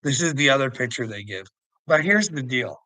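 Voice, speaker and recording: A man's voice: medium pitch, animated, moderate pace, pushed and bright, dry recording, poor audio. A man ranting into the camera in a heated, profane monologue, breaking into laughs between lines. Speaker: vlogger.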